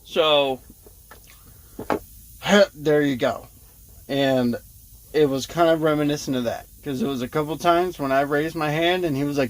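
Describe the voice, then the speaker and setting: A man with a slightly higher voice than most men, chatting to his camera in a loose, rambling way. He fills his talk with "uh" and "you know" and laughs between lines. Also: lively intonation, moderate pace. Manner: rambling, frequent fillers and laughs. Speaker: vlogger. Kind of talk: casual vlog storytelling.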